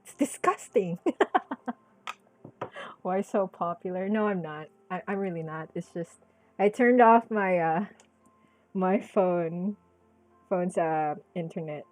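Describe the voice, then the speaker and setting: A woman's voice: fairly low pitch, slow pace, long pauses, darkish tone, dry recording, soft background music. A woman chatting casually while drawing on a live stream. She giggles a lot, swears freely, bursts into squeals, and drops Japanese exclamations into her talk.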